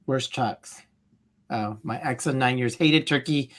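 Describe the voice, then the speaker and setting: A man's voice: medium pitch, measured pace. Emphatic man on a livestream chat. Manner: emphatic, dramatic about dislikes. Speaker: co-host.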